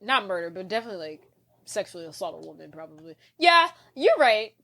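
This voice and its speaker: Animated woman recapping a movie. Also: mid-range voice, quick pace, vocal fry. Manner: animated retelling, acting out characters with profanity. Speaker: podcast co-host. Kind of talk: casual movie recap chat.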